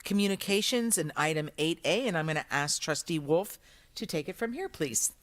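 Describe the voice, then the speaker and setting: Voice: mid-range voice, animated, normal speed, fairly bright tone. A meeting chair politely resuming a school board meeting in a formal way.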